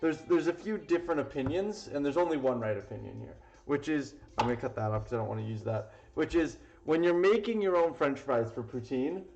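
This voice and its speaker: A man's voice: a little high, animated, brisk, few pauses, a little mellow. Man chatting while cooking on a stream. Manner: loose and rambling, with fillers and casual swearing. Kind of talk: casual live-stream cooking chat. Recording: roomy, dull lo-fi sound with faint music.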